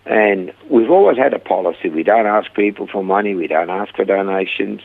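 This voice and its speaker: Gravelly older man on a phone line. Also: on the low side, fairly quick. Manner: animated retelling, voice rising when quoting himself. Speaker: guest, rehab centre founder. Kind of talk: storytelling in a conversation.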